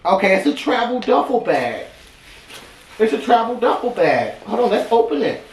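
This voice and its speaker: A man's voice: high voice, big pitch swings, moderate pace. A man with an Ohio accent unboxing fan mail in a vlog, emotional and exclaiming, repeating himself. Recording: echoey room, distant mic, background noise.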